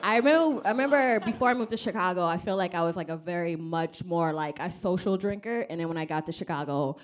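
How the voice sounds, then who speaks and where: A woman's voice: fairly low pitch, fast talker. A woman from Rwanda doing a stand-up comedy set on stage, wry and self-deprecating, acting out other people's voices. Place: comedy club stage with live audience.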